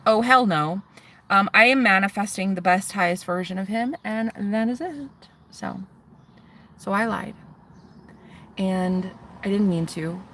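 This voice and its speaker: A woman's voice: medium pitch, a little slow, a bit bright, a little hiss or hum. A woman vlogging in a casual confessional chat, rambling and chatty with lots of fillers. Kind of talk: casual confessional vlog talk.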